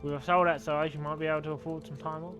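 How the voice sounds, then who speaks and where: A man voicing a gruff male crow boss with a put-on Cockney accent, reading game dialogue aloud, blunt and chummy. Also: on the high side, little pitch movement, rapid-fire, muffled recording, music in the background, lightly acted. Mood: grumbling, bossy.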